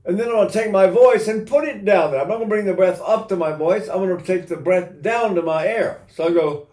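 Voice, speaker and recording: Speaking a little fast in a high-sitting, darkish voice, an older man teaches singing technique with energy. He illustrates his points with brief sung vowels and bursts of laughter, captured with a roomy echo.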